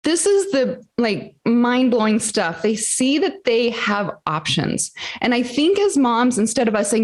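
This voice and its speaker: A woman's voice: on the high side, lively intonation, measured pace, few pauses. A middle-aged woman, a guest on a podcast, telling her story with energy and acting out the dialogue. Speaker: interview guest, entrepreneur. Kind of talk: casual podcast interview.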